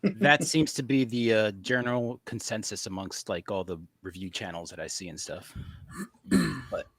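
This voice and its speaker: A man's voice: lowish voice, normal speed, breathy edge, no room sound. A man co-hosting a casual podcast chat, joking and teasing.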